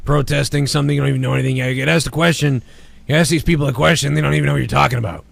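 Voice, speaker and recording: Gravelly man in a talk-radio rant. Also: mid-range voice, fast talker, no room sound. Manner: ranting, angry, swearing. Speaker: comedy show host.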